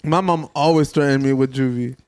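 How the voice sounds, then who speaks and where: A young man on a casual podcast, teasing his friends with quick, slangy interjections. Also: medium pitch, fairly even intonation, darkish tone, clean tone. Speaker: podcast co-host. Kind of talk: casual chat among friends.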